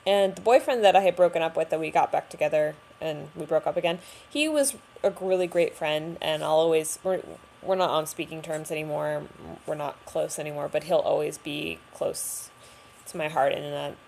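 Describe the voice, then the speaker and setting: A woman's voice: sits low, normal speed, creaky, darkish tone, a little hiss or hum. A young woman talking candidly to camera about a hard time, chatty and full of fillers. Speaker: vlogger. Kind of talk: personal storytelling to camera.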